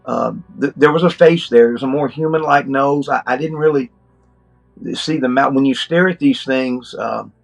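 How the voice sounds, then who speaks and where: A middle-aged man as an interview guest, earnestly telling a story in a halting, casual way with many restarts. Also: medium pitch, vocal fry, soft background music.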